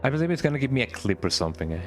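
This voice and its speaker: A man's voice: medium pitch, big pitch swings, racing, faint music behind. A young man, casually commenting as he plays a game and rambling on with "eh?" tags. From Mexico. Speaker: gaming streamer.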